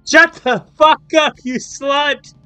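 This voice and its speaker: A man's voice: very high-pitched, fairly even intonation, slow, sharp tone, no room sound, faint music behind, pitched above the performer's own voice, exaggerated voice. A man voicing a jealous teenage girl club president in a screaming rage, cursing at a rival.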